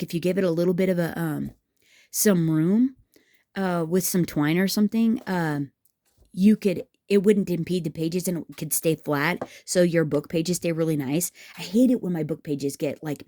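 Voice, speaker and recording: A woman's voice: lowish voice, normal speed, mellow, no room sound, studio quality. A woman hosting a craft tutorial, chatting and rambling to her viewers as she works, teasing herself along the way. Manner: rambling, talks to viewers as "guys", self-teasing. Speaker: craft video host.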